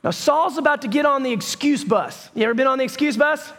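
A man preaching a sermon, telling the story in a lively, conversational way with bursts of raised voice. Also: extremely high pitch, fairly quick. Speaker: pastor.

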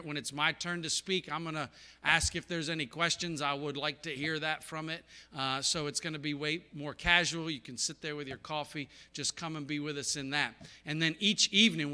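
A man's voice: a little high, pushed and bright, clean tone, in a large hall. A man, the host pastor, giving informal, inviting announcements about a church meeting. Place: church sanctuary.

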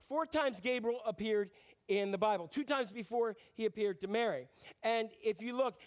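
Lively high-voiced middle-aged male pastor. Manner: lively, jokey storytelling with acted-out voices. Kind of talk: sermon.

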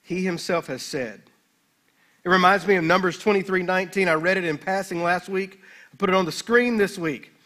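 A man pastor preaching a sermon in a church, emphatic and slowing right down when he reads scripture aloud. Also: high-pitched, a bit bright. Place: church sanctuary.

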